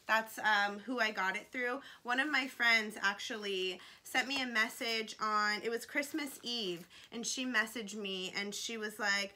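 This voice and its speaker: A woman's voice: medium pitch, a little slow, bright, forceful tone. A woman in her twenties chatting casually through an unboxing, gushing and emotional, with lots of "like" fillers. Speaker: vlogger.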